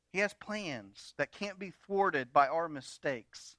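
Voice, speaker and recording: Bright-voiced man preaching a sermon. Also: on the high side, expressive, slow, few pauses, no room sound. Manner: storytelling, humorous asides. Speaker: pastor.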